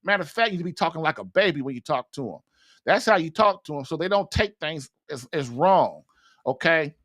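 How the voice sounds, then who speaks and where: Male host, high-pitched, blunt and folksy, rambling advice talk. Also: lively intonation, fairly quick, fairly bright tone. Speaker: podcast host, marriage advice. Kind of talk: casual advice monologue.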